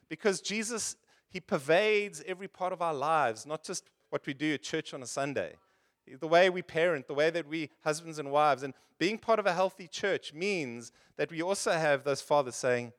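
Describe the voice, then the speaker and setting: A man's voice: a little high, normal speed, fairly bright tone. A man preaching a sermon as pastor, in an earnest, conversational way full of rhetorical questions.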